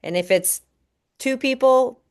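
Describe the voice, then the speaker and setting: A woman's voice: sits high, unhurried. A woman leading a team video call, coaching and encouraging her team members in an upbeat way.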